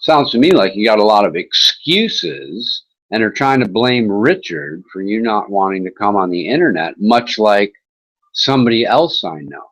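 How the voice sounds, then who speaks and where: A man's voice: fairly low pitch, expressive, normal speed, a bit bright, poor audio. A man hosting an internet talk show, chatting in a casual, rambling way with mocking sarcasm and swearing.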